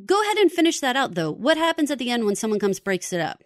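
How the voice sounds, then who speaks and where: A woman's voice: on the high side, big pitch swings, fast, dry recording, studio quality. A woman co-hosting a casual podcast, chatty and thinking aloud about a TV drama. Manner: chatty, reasoning aloud, many fillers. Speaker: podcast co-host. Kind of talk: casual chat discussing a TV drama.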